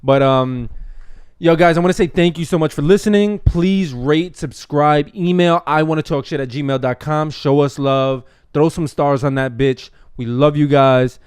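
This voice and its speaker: A man's voice: fairly high pitch, moderate pace, darkish tone, smooth, dry recording, clean studio sound. A young man co-hosting a podcast, joking and self-mocking in casual chat. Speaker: podcast co-host.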